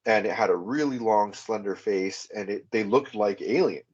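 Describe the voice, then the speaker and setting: A man telling his personal testimony as a podcast guest, in an earnest, halting way full of fillers and restarts. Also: lowish voice, slightly rough, muffled recording. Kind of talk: personal testimony, recounting a vivid experience.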